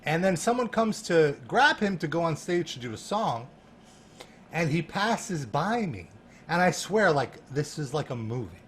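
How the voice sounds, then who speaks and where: Animated man telling a story, full of fillers. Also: fairly high pitch, unhurried, slight background noise. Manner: animated, laughing, heavy use of "like" fillers. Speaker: guest, music journalist. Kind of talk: casual podcast storytelling.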